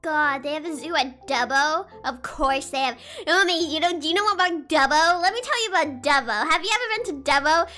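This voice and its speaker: A woman streamer chatting casually, excitable and giggly, rambling as she reacts to videos. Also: high voice, fairly quick, hardly any pauses. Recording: faint music behind.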